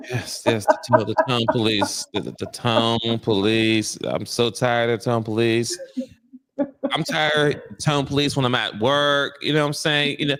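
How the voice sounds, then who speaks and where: A man's voice: mid-range voice, fairly even intonation, unhurried, fairly bright tone. Laid-back man in casual chat. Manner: laid-back, peppers talk with "you know what I'm saying". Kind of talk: casual podcast discussion.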